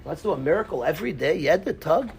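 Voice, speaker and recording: Rabbi leading a Talmud class, high and animated, quizzing students, faint room hum in the background. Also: male voice, fast, creaky. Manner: animated, quizzes students by name, mixes in Hebrew and Yiddish terms. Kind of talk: lively Talmud lesson. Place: synagogue classroom.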